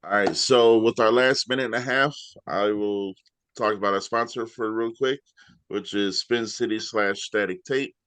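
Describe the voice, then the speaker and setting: Low-voiced man hosting a casual show. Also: moderate pace, smooth, dry recording. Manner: relaxed, uses filler like "you know". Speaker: podcast host. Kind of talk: casual interview chat.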